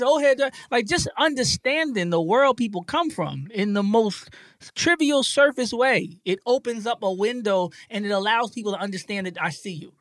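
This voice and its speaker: A middle-aged man with a high voice talks quickly as a guest in a casual interview. He is animated and slang-heavy, slipping into other voices when he quotes people. The sound is close and dry. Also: dry recording. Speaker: university professor, interview guest.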